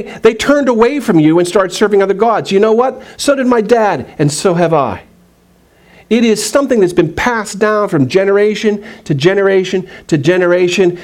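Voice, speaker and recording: A man's voice: sits high, a little mellow. Man preaching a conversational sermon. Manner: conversational preaching, reads scripture aloud slowly. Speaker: pastor.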